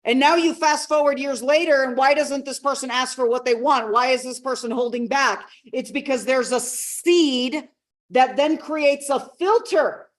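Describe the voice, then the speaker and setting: A woman with a high voice teaches a live masterclass as a personal development coach. She talks expressively to her audience. She acts out what people said and slows down to stress key ideas.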